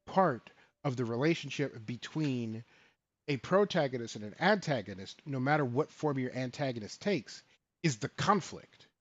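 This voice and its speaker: A man co-hosting a casual show about tabletop games, talking in an animated, profane way and acting out lines of quoted characters. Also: mid-range voice, normal speed, dry recording, lo-fi sound. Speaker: podcast co-host. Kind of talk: casual tabletop game talk.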